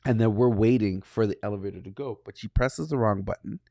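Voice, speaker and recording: A man co-hosting a podcast, telling a personal story in a casual way and acting out the dialogue with animated energy. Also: lowish voice, brisk, no echo, clean studio sound. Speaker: podcast co-host.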